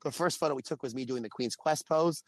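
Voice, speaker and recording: A man's voice: medium pitch, fast, no echo. Man telling stories animatedly, dry mic. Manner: animated storyteller. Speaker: podcast co-host. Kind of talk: casual podcast chat.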